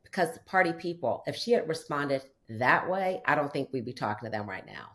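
A woman hosts a podcast interview with a low voice. She speaks emphatically and turns to address her listeners directly. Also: expressive, brisk, fairly bright tone. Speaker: podcast host. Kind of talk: conversational interview.

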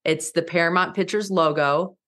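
A woman in her forties telling her story as an interview guest, lively and laughing often, acting out quoted lines with big jumps in pitch. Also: normal speed. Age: 40s. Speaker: guest, mountaineer and speaker.

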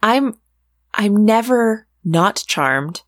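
A woman speaks in a thoughtful, musing way during casual podcast chat. Her voice sits at a middle pitch. The recording is dry and close. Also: expressive, drawn-out words, no room sound. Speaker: podcast guest.

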